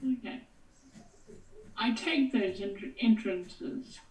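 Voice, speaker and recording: A woman's voice: mid-range voice, extremely slow, a little mellow. A woman playing a character in a tabletop role-play, speaking casually. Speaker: player. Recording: echoey, distant mic.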